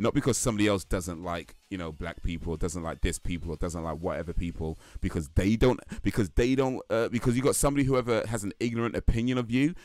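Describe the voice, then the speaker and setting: A man's voice: deep voice, a little mellow, no room sound. A young man from Belgium, a livestream host, talking earnestly in casual opinion chat, restarting his sentences and saying "you know" often.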